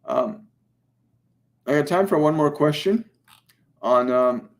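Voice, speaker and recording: A man hosting a live spiritual Q&A as a medium, speaking gently and soothingly, often repeating his phrases and pausing on ums. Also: a little high. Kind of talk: livestream channeling session.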